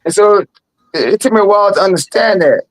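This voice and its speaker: A man chatting casually on a panel, halting and repeating words in an easygoing way. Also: high voice, animated, low-quality recording. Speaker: panel participant. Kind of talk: casual chat.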